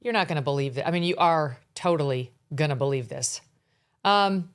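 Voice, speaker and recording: A middle-aged woman with a low-pitched voice hosts her own talk show at a normal pace. Her monologue is blunt, sarcastic, and opinionated political commentary.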